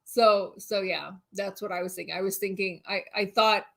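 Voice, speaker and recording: With a gravelly, mid-range voice at a moderate pace, this woman co-hosts a relaxed livestream. She tells an animated story, laughing throughout, and reads viewer comments aloud.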